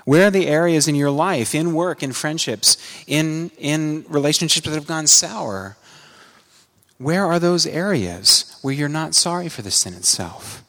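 A man preaching a sermon, earnest, climbing to emphatic peaks and dropping low for quiet asides. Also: expressive, measured pace, long reverb tail. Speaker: pastor.

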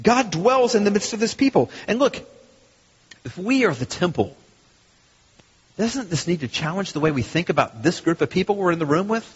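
A man preaching a sermon as a pastor, animated and fond of rhetorical questions and repeated phrases. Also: high voice, normal speed, breathy edge. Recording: long hall reverb, dull lo-fi sound.

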